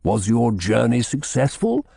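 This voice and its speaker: A man voicing an older, weary abbot who speaks slowly and hesitantly. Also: medium pitch, wildly swooping pitch, gravelly, dark tone, breathy edge, no echo, clean studio sound, pitched above the performer's own voice, heavily acted. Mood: anxious. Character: weary older male abbot, anxious and hopeful.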